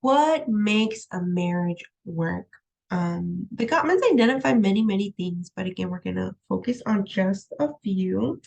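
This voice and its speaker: A woman's voice: mid-range voice, animated, a little slow, gravelly, darkish tone, low-quality recording. A woman lecturing from her room at home, in a conversational style that leans on "um" and "right?". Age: young adult to middle-aged, has a young daughter. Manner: conversational, repeats "right?" and "um", laughs easily. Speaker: college instructor. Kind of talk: recorded online lecture.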